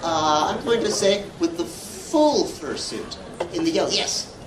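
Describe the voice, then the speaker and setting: At a live convention panel, a male guest answers fan questions with playful, jokey stories in a high-sitting, animated voice that runs a little slow. He's recorded far from the mic in an echoey, noisy hall.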